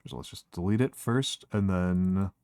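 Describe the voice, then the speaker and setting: A man's voice: low-pitched, normal speed, a little mellow, clear, resonant tone, no echo, clean studio sound. A man hosting a stream, chatting casually and hesitantly with lots of restarts. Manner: hesitant, many restarts and fillers. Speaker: streamer host. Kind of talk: casual chat.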